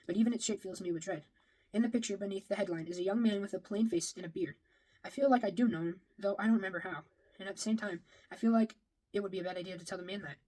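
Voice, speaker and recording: This reader is a woman who speaks fast, her medium-pitched voice mellow despite the poor audio. Reading a first-person novel aloud, she occasionally stumbles over a phrase and rereads it.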